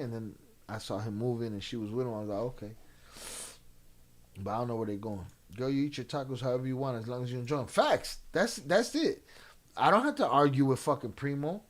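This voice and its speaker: A man's voice: medium pitch, animated, fairly quick. A man streaming and reading chat in a loose, profane way, dropping in Spanish slang. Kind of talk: casual live-stream chat.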